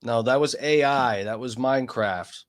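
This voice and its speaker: A man's voice: medium pitch, moderate pace. A man casually commenting on a debate during a live stream, offhand and swearing as he trails off mid-thought.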